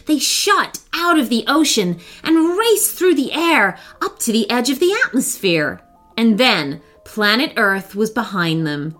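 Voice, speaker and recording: A woman reading a children's bedtime story aloud, slow and expressive. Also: on the high side, soft background music. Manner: slow, sing-song, expressive.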